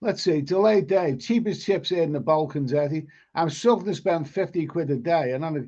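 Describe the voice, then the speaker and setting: A man's voice: on the high side, moderate pace, few pauses, mellow. Rambling man on a lo-fi stream. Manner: rambling, stumbles and repeats words. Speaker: live stream host reading chat. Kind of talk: casual live stream chat. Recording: lo-fi stream audio.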